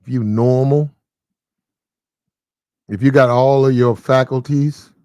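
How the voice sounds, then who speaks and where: A man's voice: mid-range voice, fairly even intonation, takes it slowly, a little mellow, dry recording. Preachy man in dry commentary. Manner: preachy, repetitive, addresses people directly. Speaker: commentary channel host. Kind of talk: casual opinion commentary.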